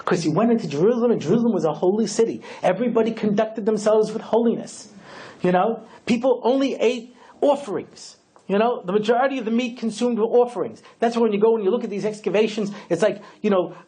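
A man giving a humorous religious lecture as a rabbi, telling jokes and swinging between hushed, slow lines and excited bursts. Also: high-pitched.

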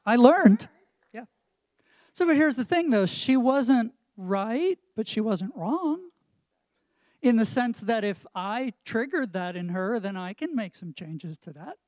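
A man's voice: very high-pitched, expressive, slow pace, darkish tone, no echo. A man co-hosting a casual talk about marriage as a counselor, explaining reflectively with examples and rhetorical questions. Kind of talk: casual chat with a pastoral tone.

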